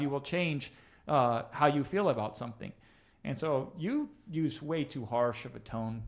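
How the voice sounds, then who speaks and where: A man hosting a live coaching session, talking casually and straight to his listeners, often checking in with "right?" and restarting his sentences as he thinks aloud. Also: a little high. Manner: conversational, addresses listeners directly with tag questions; frequent restarts and fillers while thinking aloud. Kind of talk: live-streamed coaching talk.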